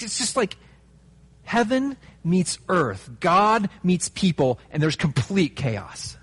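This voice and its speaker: Husky-voiced man preaching casually. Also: a little high. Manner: conversational and animated, with fillers and asides. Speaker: pastor. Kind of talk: sermon.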